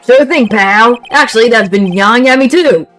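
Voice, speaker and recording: Woman voicing a cheery game detective, loud and eager, faint music. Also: a little high, normal speed, voice pushed up, close to an everyday voice.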